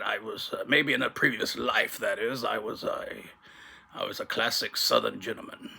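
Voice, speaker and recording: A man's voice: lowish voice, steady tone, moderate pace, gravelly, pushed and bright, breathy edge. A man hosting a casual comedic vlog from his bedroom, rambling through a story, mocking himself and laughing at his own jokes. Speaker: channel host.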